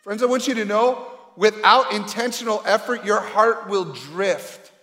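High-voiced pastor preaching in a hall. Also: male voice, unhurried, fairly bright tone. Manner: earnest, conversational preaching with rhetorical questions. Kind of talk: sermon. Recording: reverberant hall.

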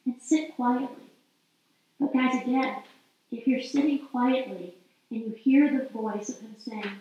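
A woman's voice: high voice, unhurried, dark tone. A woman giving an earnest, heartfelt faith-based teaching talk, speaking prayers aloud as she goes. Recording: roomy, distant and slightly dull.

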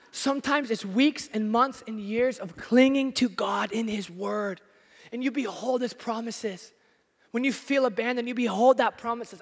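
A man preaching a sermon as pastor in a church, emphatic and at times nearly shouting. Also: very high-pitched, moderate pace. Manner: emphatic, rising to near shouts. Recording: long hall reverb.

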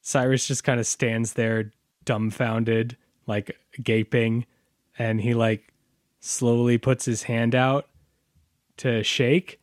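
A man's voice: mid-range voice, little pitch movement, slow, dry recording, clean studio sound. A man playing a tabletop game, playful and often laughing. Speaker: player.

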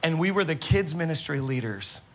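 A male pastor delivers his sermon with an animated, exclamatory storytelling style. His voice is bright and forceful and sits a little high, with a gravelly edge of vocal fry running through it. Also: moderate pace, slight background noise. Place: church service.

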